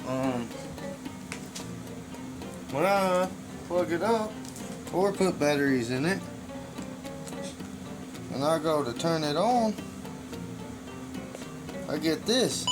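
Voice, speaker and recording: A middle-aged man hosting a casual DIY vlog, loud, joking and profane. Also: fairly high pitch, expressive, takes it slowly, long pauses, over music. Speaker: channel host, circuit bender.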